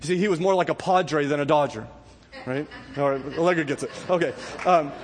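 A middle-aged man preaching a sermon as pastor, earnest, with his voice dropping low and slow and then rising high and impassioned. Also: big-room sound.

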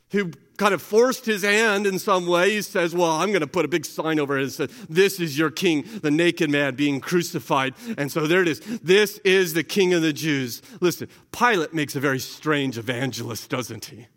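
A man preaching a sermon as pastor, earnest, rising high and loud at the big points and dropping soft and slow for quoted words. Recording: long reverb of a large hall.

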